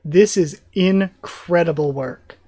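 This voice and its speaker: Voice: mid-range voice, slow pace, mellow, no room sound. A channel host giving an earnest, enthusiastic live reaction to new manga chapters, emotional and close to tears. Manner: earnest, enthusiastic fan commentary. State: emotional, tearing up. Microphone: facing camera, close mic.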